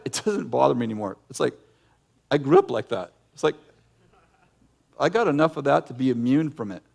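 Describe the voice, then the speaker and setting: A middle-aged male pastor preaching a sermon in an animated way, breaking into acted yelling now and then. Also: mid-range voice, creaky. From United States.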